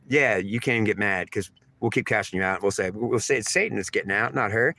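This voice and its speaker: A man's voice: lowish voice, quick pace, hardly any pauses, pushed and bright. A man delivering a rambling, repetitive spiritual monologue in an emphatic, stream-of-consciousness way. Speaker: channeler giving spiritual messages.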